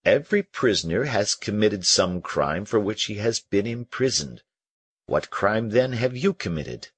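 A man voicing a probing, insistent male confessor in an audiobook, pressing with questions in a husky voice. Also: fairly low pitch, lively intonation, measured pace, no room sound, voice pushed up. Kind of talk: audiobook character reading.

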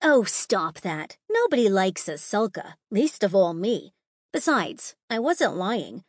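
A woman's voice: mid-range voice, big pitch swings, slow, no echo, clean studio sound. A woman voicing a smug, teasing mother figure with a sing-song, condescending manner in an audiobook.

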